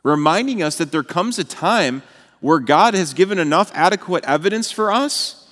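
A man's voice: sits high, animated, moderate pace, fairly bright tone. A man preaching a sermon in an earnest way, building to emphatic repeated phrases. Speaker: pastor. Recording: long hall reverb.

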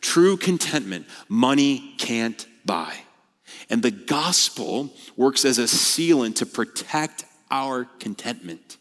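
A man preaching a sermon as a pastor, animated and blunt, mixing scripture with casual slang. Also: medium pitch, slow, long reverb tail.

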